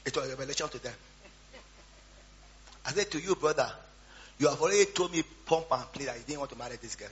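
A man preaching a storytelling sermon, swinging between quiet asides and loud shouts. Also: mid-range voice, quick pace, long pauses. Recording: dull lo-fi sound with faint hum.

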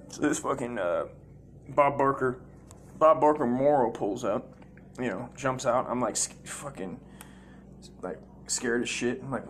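At home, a comedy storyteller with a mid-range voice rambles through loose, profane tales of his childhood in a casual monologue. He speaks unhurriedly with long pauses, loudly imitating voices, and background noise can be heard.

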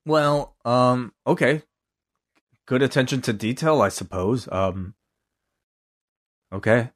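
A man co-hosting a casual podcast, reacting with animated comments and frequent restarts. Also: medium pitch, slow. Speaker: podcast co-host. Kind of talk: casual chat.

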